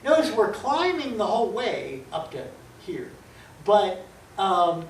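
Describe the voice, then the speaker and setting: A man teaching calculus with plenty of playful energy, acting out small scenes and catching his own slips as he goes. He sounds a few steps back from the mic, in an echoey room with a faint steady hum behind him. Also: high-pitched, slow pace, distant mic. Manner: lively, acts out little scenes, self-correcting. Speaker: math teacher. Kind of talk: calculus lecture at a board.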